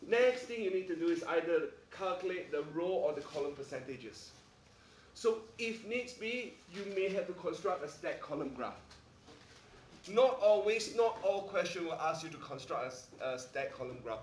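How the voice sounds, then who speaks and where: A male maths teacher lecturing a class, pressing his points and checking in with his students after nearly every sentence. His voice sits a little high for a man. It is caught from a distance in an echoey classroom. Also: expressive, normal speed, a little hiss or hum. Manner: emphatic, repeats "all right?" often. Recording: echoey room, mic far off.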